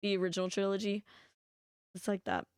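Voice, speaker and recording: A woman's voice: mid-range voice, little pitch movement, fairly quick, darkish tone, clear, resonant tone, dry recording, clean studio sound. A woman streaming a video game, chatting casually and rambling with lots of giggles. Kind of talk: casual chat while playing a video game. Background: game music.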